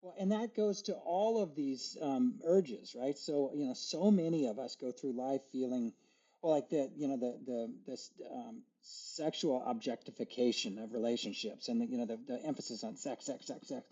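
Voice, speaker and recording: A man's voice: medium pitch, moderate pace, dark tone. A man guest on a podcast, speaking reflectively, stammering and acting out his inner dialogue. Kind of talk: casual conversation. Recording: dull, muffled sound.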